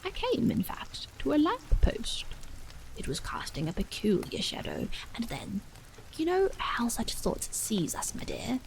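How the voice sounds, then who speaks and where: A woman reading a bedtime horror story aloud as whispered role-play, hushed and unhurried. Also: on the high side, huge pitch swings, gravelly, slight background noise, rough recording. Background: rain.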